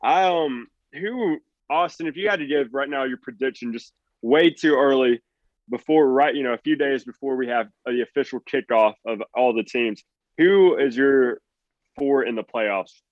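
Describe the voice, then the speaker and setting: A man's voice: mid-range voice, normal speed, no room sound, dull audio. A man co-hosting a casual sports podcast, asking questions and agreeing along. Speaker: podcast co-host.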